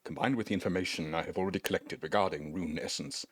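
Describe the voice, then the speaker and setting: A man's voice: low voice, quick pace, fairly bright tone, husky, no room sound, clean studio sound. A man reading out a scheming old male wizard quest-giver in a formal, conspiratorial way. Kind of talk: reading game dialogue aloud.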